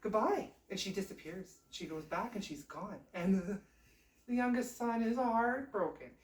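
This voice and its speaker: Woman storyteller, chatty, animated, echoey room, mic far off. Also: medium pitch, normal speed. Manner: chatty, animated, laughs often. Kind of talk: casual oral storytelling. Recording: roomy, distant mic.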